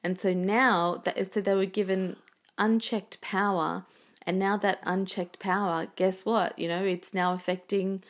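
A woman's voice: medium pitch, fairly even intonation, measured pace. A woman talking bluntly and swearing in a casual chat, co-hosting.

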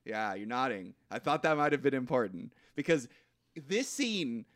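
A man co-hosting a podcast, recapping a movie in casual chat, rambling and halting with restarts and swearing. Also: medium pitch, very animated, fairly bright tone, dry recording, clean studio sound. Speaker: podcast co-host.

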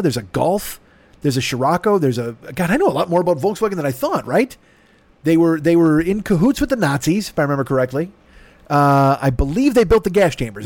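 Middle-aged male podcast host, hoarse and congested, profane self-deprecating rambler, dry close-miked sound. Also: a little high, sing-song, fast, darkish tone, no echo. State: rough throat, stuffy nose. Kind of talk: rambling comedic monologue.

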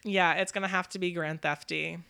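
A young woman co-hosting a podcast in casual chat, talking fast and often stumbling over her words. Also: fairly low pitch, fairly even intonation, vocal fry, bright, forceful tone, smooth. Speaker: podcast co-host.

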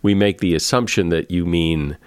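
Man, host, very deep, halting, dry studio sound. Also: a little mellow, clear, resonant tone, no room sound. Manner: halting, restarts often while framing questions. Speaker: podcast host. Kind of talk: interview conversation.

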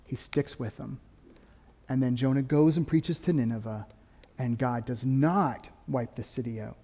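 A pastor preaching a sermon, lively and conversational, swinging between quick, louder stretches and soft, dropped emphasis. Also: male voice, mid-range voice, breathy edge, long reverb tail. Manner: animated preaching, rising and dropping to quiet emphasis.

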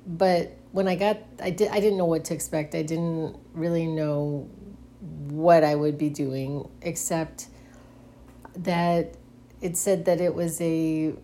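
Slow, hesitant woman telling her story. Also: low voice, steady tone, dark tone, a little hiss or hum. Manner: hesitant, restarts often, nervous giggles. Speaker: podcast host. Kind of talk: casual solo monologue.

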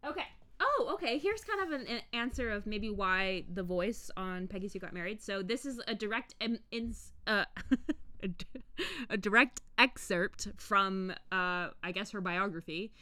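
A woman co-hosting a casual podcast, excitable and giggly, reading excerpts aloud with quick asides. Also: medium pitch, no room sound. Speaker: podcast co-host.

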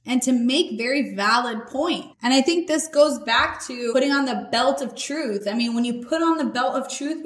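A woman hosting a podcast, giving a casual, earnest faith talk in a conversational, slangy way. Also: fairly high pitch. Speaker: podcast host. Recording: echoey room.

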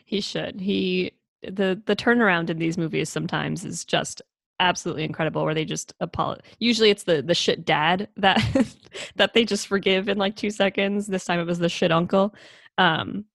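A young woman co-hosts a casual chat in a relaxed, wry way. Her voice is low for a woman, with heavy vocal fry. It is recorded close and dry. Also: moderate pace, no echo. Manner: relaxed and wry, with frequent ums and laughs. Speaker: podcast co-host. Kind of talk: casual chat recapping a movie.

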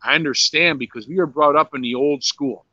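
A man's voice: on the high side, fairly quick, pushed and bright, no echo. An older man, a former pro wrestler, telling rambling, profane stories in a casual interview, full of "you know"s and restarts. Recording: dry, slightly dull lo-fi sound.

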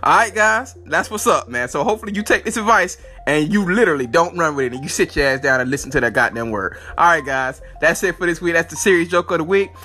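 Podcast guy, bright sharp voice, swoopy pitch, cussing and chatting to listeners. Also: expressive, fast, few pauses, soft background music. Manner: loose and profane, talks straight to listeners. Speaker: podcast host. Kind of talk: casual comic storytelling.

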